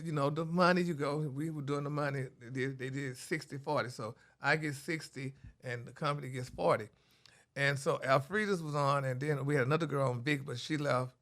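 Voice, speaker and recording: Sassy, bright-voiced man talking about radio. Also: mid-range voice. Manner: sassy, animated, calls everyone honey. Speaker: radio personality guest. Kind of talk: casual interview chat.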